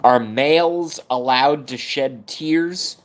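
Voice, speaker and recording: A man's voice: medium pitch, slow pace. Profane rambling livestream man. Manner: profane, blunt and swings between energy and fighting tears. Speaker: YouTube livestream host. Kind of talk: rambling live-stream monologue.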